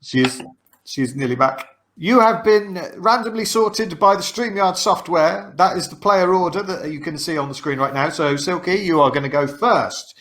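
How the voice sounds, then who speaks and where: A fairly high-pitched man hosts a streamed board game session over a video call. He explains the rules patiently, pausing on "uh" fillers as he walks players through their turns. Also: a bit bright. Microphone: video call mic.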